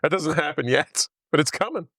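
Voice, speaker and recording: A man's voice: a little high, expressive, fairly quick, fairly bright tone, dry recording, studio quality. Rambling man recapping a movie. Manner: rambling, lots of fillers, laughs often. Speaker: podcast host. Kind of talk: casual movie recap chat.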